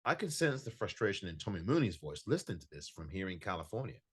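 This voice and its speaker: Emphatic podcast host, low lively voice. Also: male voice, fast talker, breathy edge. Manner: frustrated, emphatic, repeats himself for stress. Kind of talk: solo podcast match review. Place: home recording in California.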